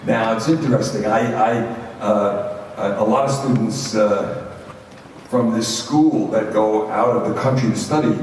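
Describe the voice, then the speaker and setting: A man with a strong Brooklyn accent talks to a student audience in an informal, storytelling way, often restarting on repeated words. His low voice comes from a distant microphone and carries a long hall echo. Faint noise sits underneath. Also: unhurried, a little mellow. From Brooklyn, New York. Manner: conversational and anecdotal, with frequent repeated words and restarts. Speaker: university president giving a guest talk to students. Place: large echoey school hall.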